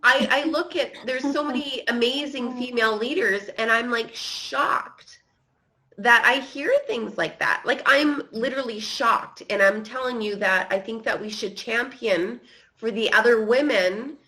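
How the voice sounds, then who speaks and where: A woman's voice: on the high side, unhurried, sharp tone. A woman moderating a panel discussion, enthusiastic and chatty, peppering her talk with "like.". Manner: enthusiastic, chatty, uses "like" a lot. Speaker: moderator of a women's leadership panel. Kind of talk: casual panel chat.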